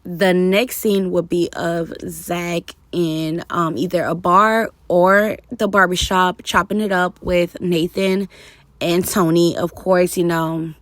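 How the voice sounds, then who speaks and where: This woman's voice is on the low side, a bit bright and steady in tone, and she talks slowly without any echo. In her casual commentary vlog she rambles about a TV show, filling gaps while she sorts through her thoughts.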